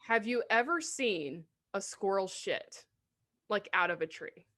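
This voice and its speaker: A woman's voice: mid-range voice, expressive, measured pace, a bit bright. A woman co-hosting a podcast in casual chat, telling stories with lots of fillers and silly voices for animals. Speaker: podcast co-host.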